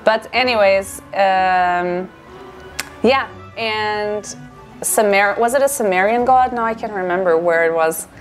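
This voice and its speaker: Excitable woman, unhurried game commentary, mid-pitched, self-correcting. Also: soft background music. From Portugal or Brazil (Portuguese-speaking). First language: Portuguese. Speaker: gaming streamer and marine biologist. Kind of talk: casual gameplay commentary.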